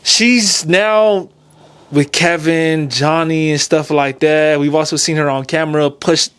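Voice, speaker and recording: A man's voice: fairly high pitch, fairly even intonation, measured pace, a bit bright, clear, resonant tone. A young adult man hosting a podcast, asking questions in a laid-back, slangy way. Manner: laid-back, slangy, calls guest bro. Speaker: podcast host. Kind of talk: casual podcast interview.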